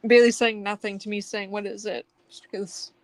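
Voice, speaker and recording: A woman's voice: medium pitch, little pitch movement, moderate pace, no echo. A woman guest artist chatting casually and laughing often while she draws on a stream.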